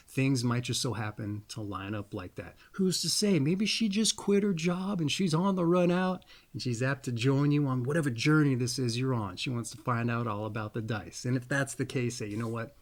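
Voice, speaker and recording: A man hosting a casual monologue, rambling in a folksy way and repeating pet phrases. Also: medium pitch. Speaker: astrology video host.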